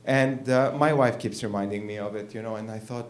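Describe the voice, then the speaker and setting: A man's voice: on the low side, steady tone, a little fast, few pauses, faint music behind. A man performing a stand-up comedy set on a live stage, in a rambling, irreverent way. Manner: rambling and irreverent, many "you know"s.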